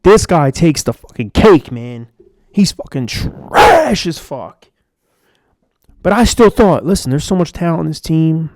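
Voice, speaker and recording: A man's voice: fairly high pitch, very animated, unhurried, darkish tone, dry recording. A man giving a frustrated, profane, rambling rant as a sports fan vlogger. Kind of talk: ranting fan commentary.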